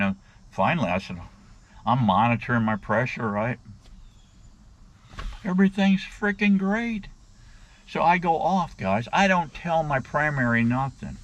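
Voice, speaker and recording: A middle-aged man vents on his vlog in a blunt, crude way, talking straight to his viewers. His voice sits at an ordinary middle pitch. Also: a bit bright. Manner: blunt, crude, keeps addressing "guys". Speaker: vlogger. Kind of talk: casual rant to camera.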